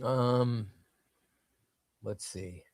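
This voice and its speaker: A man's voice: mid-range voice, drawn-out words, dry recording, studio quality. A man hosting a casual live stream, reading viewer chat and rambling, often repeating himself. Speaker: livestream host reading chat.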